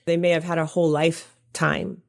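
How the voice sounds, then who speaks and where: A woman with a notably low voice talks as a guest coach on a podcast. She is earnest and reassuring and walks through practical examples in a relaxed, conversational way. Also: brisk, creaky. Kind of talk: casual interview chat.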